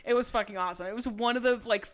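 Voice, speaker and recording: A woman, co-hosting a podcast, telling a story in casual chat, animated and laughing, swearing freely. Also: fairly high pitch, very fast, a little hiss or hum. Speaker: podcast co-host.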